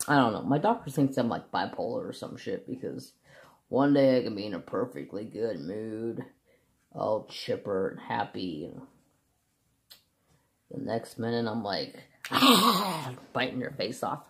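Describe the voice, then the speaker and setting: A woman's voice: very deep voice, animated, a little slow, creaky, pauses often, darkish tone. A woman craft vlogger in casual, rambling chat, laughing often and swearing freely.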